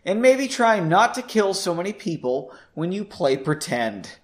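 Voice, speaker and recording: A man voicing a cool, teasing young man who mocks his rival in a relaxed way. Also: sits high, measured pace. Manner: relaxed and mocking.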